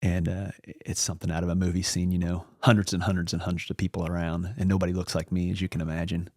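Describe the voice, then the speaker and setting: A man's voice: low voice, level tone, fast, a little mellow, dry recording. A man as a podcast guest, telling a long story in a casual, rambling way and acting out the lines of the people in it. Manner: rambling anecdotal, acts out quoted dialogue.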